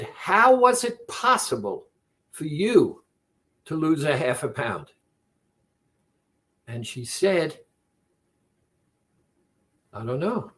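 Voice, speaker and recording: A man talking as a weight-loss coach, slowly and deliberately retelling a conversation with a client. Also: high-pitched, fairly bright tone. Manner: slow, deliberate, retells conversations with quoted dialogue. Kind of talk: reflective monologue.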